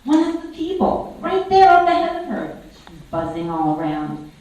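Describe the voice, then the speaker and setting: A woman telling a story to a congregation in a lively, expressive read-aloud, heard from far off in an echoey church sanctuary. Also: sits high, moderate pace. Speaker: storyteller at a worship service.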